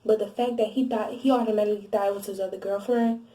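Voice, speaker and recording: A young woman with a mellow, darker voice tells a story straight to camera, blunt and animated, cursing freely and circling back over her own sentences. She sits a little back from the mic, so her voice carries a roomy echo. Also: mid-range voice, fast talker, recorded from a distance. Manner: animated and blunt, heavy swearing, frequent restarts and asides. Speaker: vlogger. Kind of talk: casual storytime monologue.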